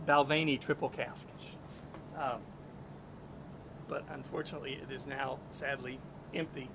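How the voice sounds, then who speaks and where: A man's voice: mid-range voice, steady tone, unhurried. A man hosting a daily live stream from a rooftop, chatting casually and self-deprecatingly with frequent hesitations. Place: rooftop outdoors. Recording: outdoor stream with traffic noise.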